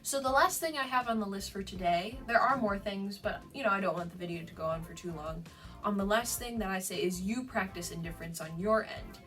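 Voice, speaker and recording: A woman's voice: medium pitch, a little fast, fairly bright tone, distant mic, faint music behind, poor audio. A young adult woman giving dog training advice in a casual vlog, chatty, with frequent laughs and fillers.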